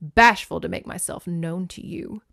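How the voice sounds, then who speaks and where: A woman voicing a proud, jealous young man who speaks forcefully and sneers. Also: on the high side, moderate pace, natural voice. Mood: menacing.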